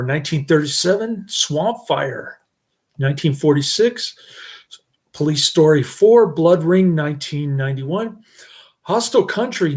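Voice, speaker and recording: Movie reviewer, man, slightly high voice, slow halting delivery, laughs at his own jokes. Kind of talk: casual rambling review.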